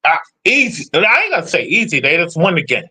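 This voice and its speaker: Brash streamer guy, bright, lively voice, swears constantly while trash-talking. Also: a little high, fairly quick, husky. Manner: profane, blunt, trash-talking. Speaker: streamer answering chat. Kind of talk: casual sports rant.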